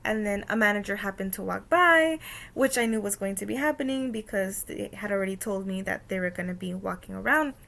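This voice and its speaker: A woman's voice: mid-range voice, fairly quick, vocal fry, a bit bright. A young woman casually recounting a workplace conflict for a course assignment, with many "um" fillers and quoted dialogue. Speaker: student presenting a course activity. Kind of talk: casual spoken reflection.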